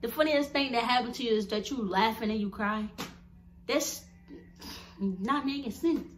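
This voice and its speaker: A young woman vlogger chatting casually to her viewers, animated and blunt, laughing often as she tells stories. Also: on the high side, moderate pace, a little hiss or hum.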